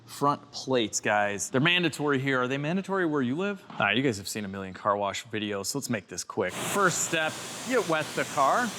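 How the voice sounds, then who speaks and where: A man's voice: medium pitch, big pitch swings, moderate pace, hardly any pauses. Man from Chicago, young adult, easygoing vlog host, casual narration over faint background noise. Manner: chatty, jokey, talks to viewers while working. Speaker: car YouTuber.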